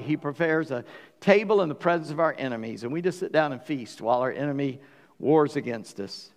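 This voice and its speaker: A man's voice: mid-range voice, in a large hall. A man preaching a sermon in a church, asking rhetorical questions and acting out little stories. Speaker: pastor. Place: church sanctuary.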